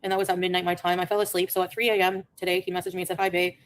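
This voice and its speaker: Fast-talking exasperated woman vlogger. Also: fairly low pitch, level tone. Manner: rapid, exasperated, reads messages aloud. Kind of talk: casual storytelling vlog.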